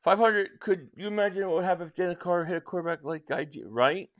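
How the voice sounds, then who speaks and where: A man's voice: sits high, fast. A man from South Jersey hosting a live stream, chatting casually and rambling as he answers viewer comments, with frequent restarts. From South Jersey, near Philadelphia.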